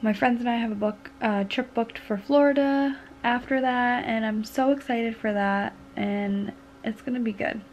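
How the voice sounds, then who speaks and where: A woman's voice: on the high side, fairly even intonation, normal speed. A woman in her twenties chatting casually to her own camera as a vlogger, rambling with plenty of "like" and "um". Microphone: handheld compact camera.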